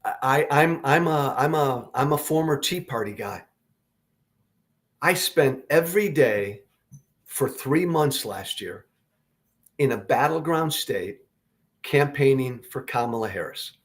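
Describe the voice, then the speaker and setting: A man's voice: medium pitch, animated, slow pace, pauses often. A man hosting a political talk show, delivering blunt, profane commentary and repeating his points for emphasis.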